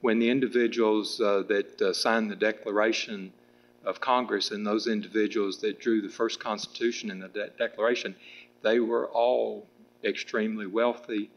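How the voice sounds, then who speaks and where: A man's voice: fairly low pitch, dull audio. A middle-aged man answering at a public political debate, rambling with restarts and fillers. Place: public meeting room with audience.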